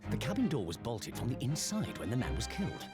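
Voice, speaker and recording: An actor playing a theatrical, pompous British gentleman detective with a British accent, speaking in grand deductive flourishes. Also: mid-range voice, wildly swooping pitch, fast. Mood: grandiloquent. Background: game music.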